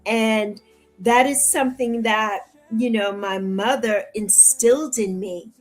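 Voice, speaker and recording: High-voiced woman, heartfelt and repetitive. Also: steady tone, takes it slowly, rough recording. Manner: heartfelt, repetitive, rising into tearful pleading when hurt. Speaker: interview guest. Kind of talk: emotional interview conversation.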